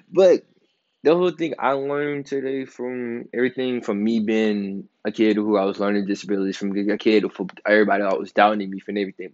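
A man's voice: on the low side, dry recording, muffled recording. A man in his twenties talking casually and loosely in a solo podcast, rambling, slangy and emphatic. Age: 20s. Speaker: podcast host.

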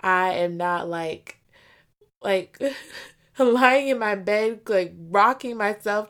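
A woman giving a casual book review vlog, gushing and animated, dropping to whispers for emphasis. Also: medium pitch.

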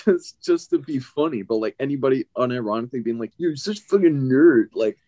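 A young man chatting casually, his voice swinging widely in pitch as he mocks and swears with easy energy. The sound is dry and close, with no room around it. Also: fairly quick, no echo. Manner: animated, mocking, swears freely. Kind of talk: casual chat.

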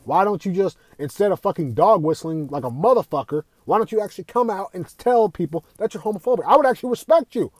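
Young dude on a podcast, heated rant, tons of swearing, higher voice. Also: male voice, expressive, quick pace, hardly any pauses, darkish tone, husky, no echo. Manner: heated, swearing, repeats himself, rhetorical questions. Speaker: podcast host. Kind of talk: profane opinion rant.

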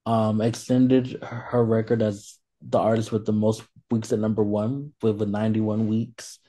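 A man with a low, dark, mellow voice co-hosts a casual podcast. He talks in a relaxed, unhurried way, dropping frequent ums as he moves from point to point. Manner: relaxed, hesitant with many fillers. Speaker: podcast co-host. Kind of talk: casual chat.

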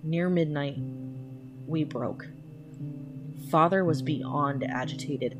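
A woman narrating a horror story in a slow, hushed, measured reading, with music playing underneath. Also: low voice. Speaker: podcast storyteller.

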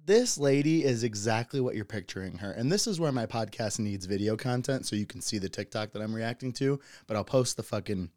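A man's voice: on the low side, a little mellow, no echo, studio quality. A man hosting a podcast, telling stories in a loose, profane way and often breaking into laughter. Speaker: podcast host. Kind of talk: casual solo podcast monologue.

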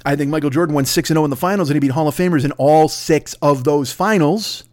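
Profane, rambling middle-aged podcast host. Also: male voice, a little high, fast, a little mellow, no room sound, clean studio sound. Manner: profane, rambling, self-mocking ranting. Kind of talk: solo podcast monologue.

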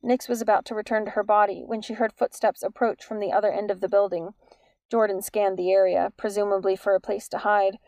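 A woman reading an audiobook in an even, measured storytelling manner. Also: medium pitch, no room sound. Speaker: audiobook narrator. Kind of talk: scripted narration.

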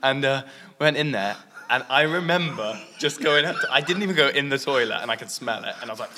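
A man with a bright, sharp voice that swoops up and down as he chats and giggles. He sounds like he's in a hall with a long reverb. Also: medium pitch, brisk, a little hiss or hum. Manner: lively, reactive, giggly. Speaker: nightclub worker. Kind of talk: casual podcast chat.

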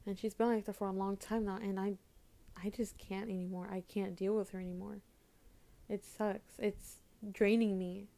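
A young woman venting to camera about her home life, halting and repeating herself as she holds back tears. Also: medium pitch, dark tone. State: upset, holding back tears. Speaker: vlogger. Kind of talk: emotional personal vent to camera.

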